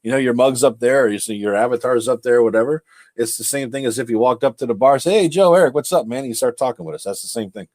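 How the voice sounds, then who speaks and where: A man's voice: mid-range voice, fast, a little mellow, no room sound. Laid-back man on a dry mic. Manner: laid-back, laughs often, chatty. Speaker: podcast co-host. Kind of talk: casual livestream chat.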